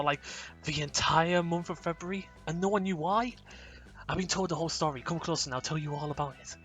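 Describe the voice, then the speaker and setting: A man's voice: fairly high pitch, brisk, fairly bright tone, soft background music. A man reading a text game aloud in a playful, casual way, often laughing and tripping over words.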